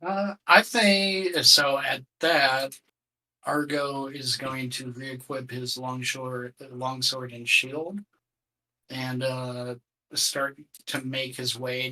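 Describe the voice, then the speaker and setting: A man's voice: medium pitch, steady tone, takes it slowly, sharp tone, poor audio. A man playing a tabletop game, easygoing and planning his moves aloud with small restarts. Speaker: player. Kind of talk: casual tabletop game play.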